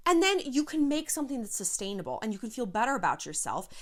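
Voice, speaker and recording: A woman giving frank, animated life advice in a casual vlog, a little short of breath and sighing now and then. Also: on the high side, fast talker. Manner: frank, animated, swears, slips into quoted voices.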